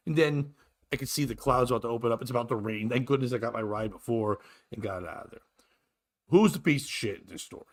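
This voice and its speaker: A man's voice: mid-range voice, quick pace, fairly bright tone. A middle-aged man hosting a solo podcast, telling a crude, exasperated story in a ranting manner. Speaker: podcast host.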